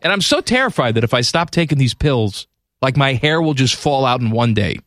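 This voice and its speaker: Radio host, man, quick jokes, bouncy delivery, dry studio sound. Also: medium pitch, animated, a bit bright, dry recording. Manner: wisecracking, laughs often. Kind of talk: casual radio banter.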